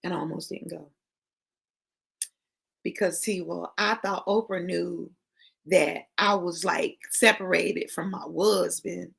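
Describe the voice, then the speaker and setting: A woman's voice: on the low side, slow pace, gravelly, pauses often, a bit bright, breathy edge. A woman giving an emphatic, preachy motivational talk who calls her listeners y'all and honey. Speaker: motivational speaker.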